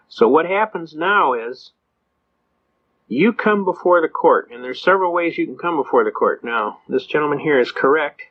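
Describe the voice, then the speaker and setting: Older man, folksy lecture, lo-fi sound. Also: fairly high pitch. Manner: folksy storyteller, acts out dialogue in quotes. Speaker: seminar speaker on constitutional rights. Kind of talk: folksy anecdotal lecture to a live audience. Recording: dull lo-fi recording.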